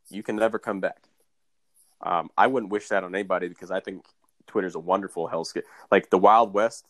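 A man's voice: on the low side, fairly bright tone, dry recording. A young man co-hosting a podcast, rambling and joking in casual chat. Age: young adult. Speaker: podcast co-host.

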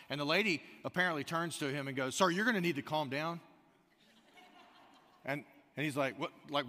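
Man preaching in a reverberant hall. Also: on the high side. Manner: animated storytelling, acts out quoted lines. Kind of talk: sermon. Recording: long reverb of a large hall.

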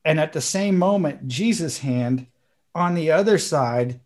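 A man co-hosting a podcast, telling a story in casual chat and acting out the quotes with sudden high bursts. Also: animated, a little slow, a little mellow. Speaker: podcast co-host.

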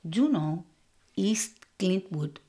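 A woman voicing her strict, feisty older mother, gruff and scolding with stretched vowels. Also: on the low side, moderate pace, fairly bright tone, lightly acted. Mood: fond.

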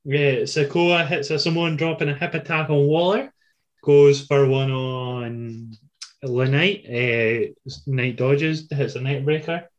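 A man's voice: mid-range voice, takes it slowly, lo-fi sound. A man recapping wrestling in casual chat, joking and laughing often. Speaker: podcast co-host.

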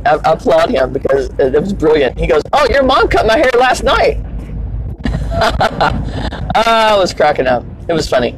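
A man's voice: slight background noise, poor audio. A man casually telling a funny bar story while in his car, laughing often and acting out the people he quotes. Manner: animated, laughs often, acts out quotes in a higher voice. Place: inside a car.

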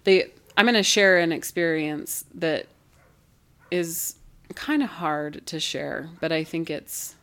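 A woman speaking as a podcast guest, telling a personal story in a candid, chatty way, with frequent "like" fillers as she retells what others said. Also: on the low side.

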